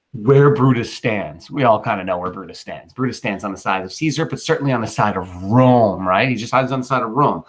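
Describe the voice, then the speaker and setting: Man, teacher, casual explanation, slangy asides, animated pitch. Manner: informal and chatty, using slang asides. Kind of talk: casual explanatory lesson on a play.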